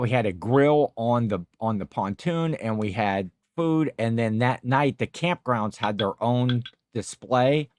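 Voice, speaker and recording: A man hosts a casual livestream chat, rambling through stories and reading out viewer comments. His mid-range voice has a darkish tone, and the sound is clean studio quality with no room sound.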